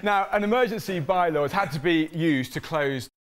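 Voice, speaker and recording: A man presenting a TV magazine show, brisk and jokey with the guest. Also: on the high side.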